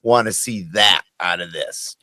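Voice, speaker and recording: A man's voice: deep voice, unhurried, sharp tone, dry recording. A man panelist on a live stream, amused and swearing in casual chat.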